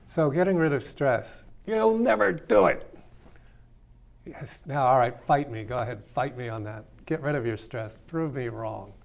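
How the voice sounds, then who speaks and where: A man's voice: medium pitch, normal speed, few pauses, a little mellow. A man hosting a call-in talk show, rambling and playful, teasing his listeners as he explains his ideas. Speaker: radio show host.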